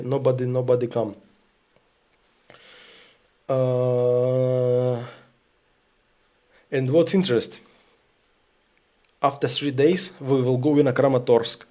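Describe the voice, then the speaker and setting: Um homem com sotaque ucraniano, falante nativo de ucraniano, contando histórias numa conversa casual de transmissão ao vivo, em inglês truncado, franco e cheio de palavrões. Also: male voice, medium pitch, darkish tone. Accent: Ukrainian. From Ukraine. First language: Ukrainian. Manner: blunt, profane, broken English storytelling. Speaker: streamer. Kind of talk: casual stream talk.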